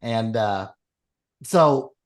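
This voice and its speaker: Guy telling a joke on a podcast, lively, does the voices. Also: on the low side, extremely slow. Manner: animated storyteller, acts out characters. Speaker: podcast co-host. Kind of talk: casual chat, telling a joke.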